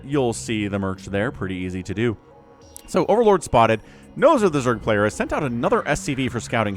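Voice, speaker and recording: Lively chatty male game caster. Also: medium pitch. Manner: chatty, rambling asides, self-correcting. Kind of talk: solo esports commentary.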